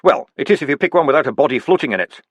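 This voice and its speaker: A man's voice: on the high side, expressive, racing, no echo, muffled recording, pitched above the performer's own voice. A man voicing an earnest dwarf priest who speaks in an urgent, persuasive way.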